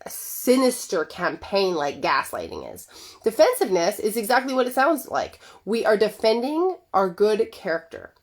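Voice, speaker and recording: A woman relationship coach giving a conversational talk to her viewers, acting out quoted lines with lively shifts in voice. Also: medium pitch. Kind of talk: direct-to-camera coaching talk.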